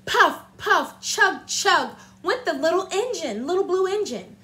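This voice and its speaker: A woman teacher reads a storybook aloud to young children, animated and stopping often to ask them questions. Her voice is very high and bright, and she reads at an unhurried pace. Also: slight background noise. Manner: animated, asks the listeners questions.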